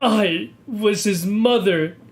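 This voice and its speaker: A man voicing a grieving mother who speaks in a low, subdued way. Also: slow pace, soft background music. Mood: mournful. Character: grieving mother at her son's funeral.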